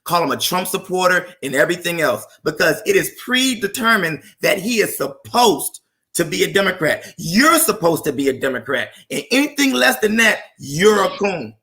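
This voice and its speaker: A man's voice: high-pitched, sing-song, moderate pace, pushed and bright. A man arguing politics on an open panel, speaking with impassioned, rhetorical emphasis.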